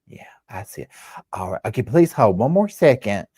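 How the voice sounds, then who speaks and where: Guy putting on a high sweet southern office lady voice, super polite, says please hold over and over. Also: very animated, moderate pace, mellow, slightly rough. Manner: overly polite, keeps repeating "please hold". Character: sweet polite Southern small-town woman office worker.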